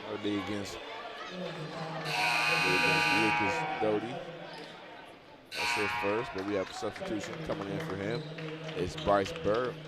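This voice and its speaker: A man calling a college basketball game in a loose, chatty way, his voice sitting a touch low. On big plays he breaks into loud, excited calls. The audio is noisy, with gym sounds and bouncing balls behind him. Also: a little slow, pauses often. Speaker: play-by-play commentator.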